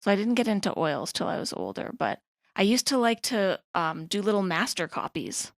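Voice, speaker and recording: A woman's voice: medium pitch, very animated, moderate pace, no echo, clean studio sound. A woman artist and art teacher speaking casually as an interview guest.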